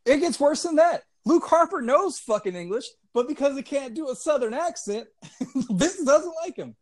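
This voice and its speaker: Animated, laid-back young man. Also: very high-pitched, moderate pace, dry recording. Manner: laid-back, swearing, laughs often. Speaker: podcast co-host. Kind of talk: casual wrestling chat.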